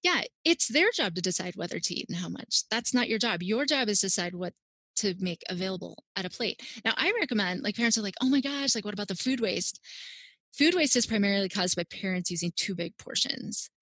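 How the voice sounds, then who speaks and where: A woman's voice: medium pitch, lively intonation, fairly quick, bright, forceful tone, no room sound. Woman guest, dietitian, chatty and encouraging, dry close sound. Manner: upbeat, advice-giving, uses "like" often. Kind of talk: casual podcast interview.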